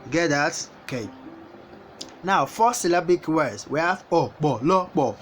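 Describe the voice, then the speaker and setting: A woman teaching a language lesson, repeating each word slowly as she goes. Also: low-pitched, animated. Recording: guitar music playing behind the voice.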